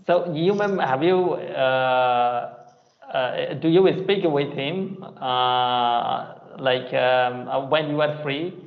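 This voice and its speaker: An Indian man hosting a casual English chat, asking questions with many fillers. His gravelly voice comes through a tinny, phone-like line, and the audio sounds echoey. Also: medium pitch, drawn-out words. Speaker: interviewer, host. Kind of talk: casual English practice conversation.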